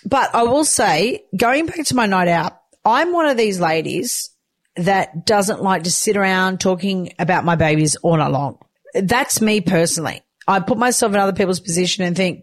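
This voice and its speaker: A woman's voice: moderate pace, no echo. Chatty aussie woman in her 30s, laughs a lot, talks casually, dry close sound. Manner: chatty, animated, laughs often, squeals high in baby talk. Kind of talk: casual monologue.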